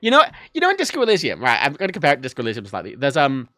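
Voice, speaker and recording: Male streamer, casual and rambling, lively swooping delivery, bright edge, dry close sound, loose with swearing. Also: mid-range voice, racing, dry recording. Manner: rambling, self-correcting, swears freely. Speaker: livestreamer. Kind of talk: casual livestream chat about games.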